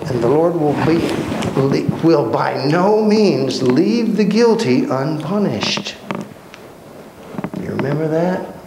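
A man teaching a Bible study, telling the stories with lively acted-out dialogue. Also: on the high side, slow, creaky. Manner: animated storytelling, acting out dialogue in voices. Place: church hall. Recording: echoey room with background noise.

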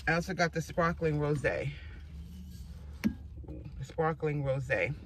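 A woman's voice: low voice, lively intonation, slow pace, background noise. A woman in her forties vlogging in a casual, rambling way and laughing often. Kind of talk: casual chat.

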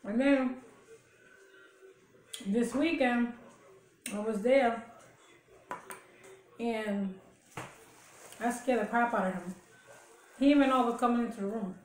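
A woman's voice: fairly high pitch, slow pace, pauses often, darkish tone, a little hiss or hum. A woman telling stories casually while she eats for a mukbang video, with frequent laughs. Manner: chatty storytelling with laughs and chewing sounds. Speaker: mukbang vlogger. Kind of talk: casual chat while eating. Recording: echoey room.

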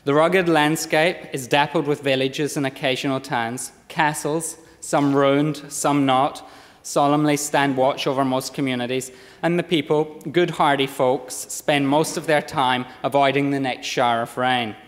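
A man's voice: medium pitch, steady tone. Scottish-accented man giving a parliamentary speech. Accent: lowland Scottish, softened by Australia. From Scotland. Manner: measured, read-out oratory with occasional slips. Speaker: member of parliament. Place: parliament chamber. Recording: long reverb of a large chamber.

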